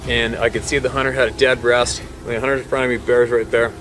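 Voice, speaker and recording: Animated male hunting guide telling a story. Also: mid-range voice, fast talker. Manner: vivid, laughs between phrases, swings from hushed to loud. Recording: noisy background hum.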